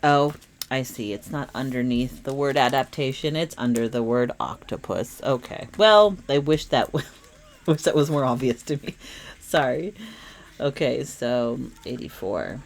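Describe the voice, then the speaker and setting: A woman's voice: rumbling low, expressive, measured pace. A woman giving an earnest, emphatic spiritual tarot reading, repeating phrases for weight. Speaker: tarot reader.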